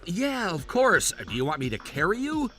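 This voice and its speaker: A man's voice: high-pitched, big pitch swings, normal speed, a bit bright, faint music behind. A man voicing a patient father, talking in a restrained, earnest way with simmering frustration. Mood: frustrated. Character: patient father taking his daughter to dinner. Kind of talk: animated story voice acting.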